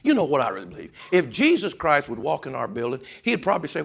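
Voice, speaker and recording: A man preaching a sermon, swinging from loud shouting to hushed whispers. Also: a little high, huge pitch swings, fast talker, vocal fry, breathy edge. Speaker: pastor.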